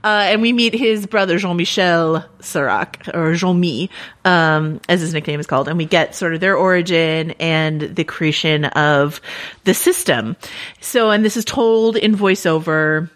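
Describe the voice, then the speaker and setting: A woman's voice: on the low side, measured pace. Chatty woman podcast co-host. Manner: chatty, laughs easily, many restarts and fillers. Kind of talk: casual TV recap podcast chat.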